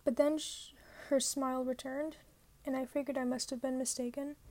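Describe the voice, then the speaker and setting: A woman's voice: high-pitched, vocal fry, a little mellow. A woman narrating a novel in the first person as an amateur reader, stumbling and correcting herself now and then. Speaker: audiobook reader.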